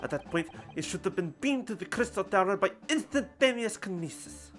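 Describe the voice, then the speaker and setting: A streamer voicing an eccentric, excitable older male professor in a deliberately clumsy German accent, stammering with excitement. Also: soft background music, close to an everyday voice. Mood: flustered. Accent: put-on German accent, poorly done. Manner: stammering, overexcited, high and loud.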